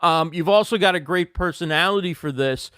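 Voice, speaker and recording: A man's voice: fairly high pitch, brisk, a bit bright, smooth, no room sound, studio quality. A man hosting a livestream interview show over a video call, introducing his guest with enthusiastic, effusive praise. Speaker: host.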